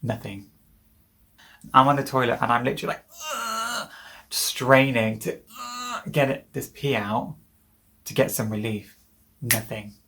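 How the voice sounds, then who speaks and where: A woman's voice: extremely low pitch, steady tone, normal speed, long pauses, a bit bright, slight background noise. A British woman in her twenties, a vlogger telling a personal story to the camera in a candid, emotional way. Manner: candid, emotional, vivid retelling.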